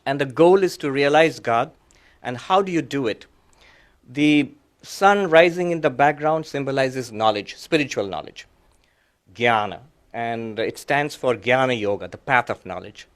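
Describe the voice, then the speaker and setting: Speaking at a medium pitch, this man, a monk, addresses an audience in a thoughtful, conversational way. He walks through his ideas patiently, one step at a time, often using fillers and starting sentences over.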